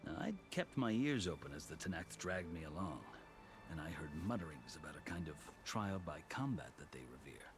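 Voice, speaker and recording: An actor playing a battle-hardened male soldier who recounts his captivity in measured storytelling. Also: sits low, big pitch swings. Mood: recounting. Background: game music.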